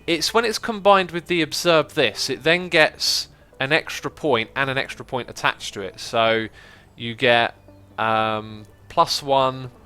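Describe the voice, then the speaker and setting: A man hosting a gaming livestream in a casual, chatty way, reading viewer messages aloud and thinking out loud as he explains. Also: medium pitch, smooth. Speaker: livestream host.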